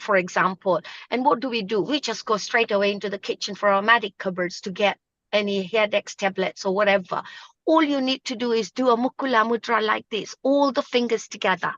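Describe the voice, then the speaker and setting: A woman's voice: fairly high pitch, a bit bright, no echo, dull audio. A woman teaching yoga mudras on a live video call, emphatic and repeating her points. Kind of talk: live online talk show.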